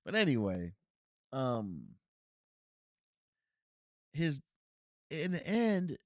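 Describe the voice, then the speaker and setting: Speaking extremely slowly, a man from Cincinnati, US, hosts a casual solo movie review podcast, rambling with frequent restarts and fillers. His pitch swings animatedly. The clean studio recording has no echo.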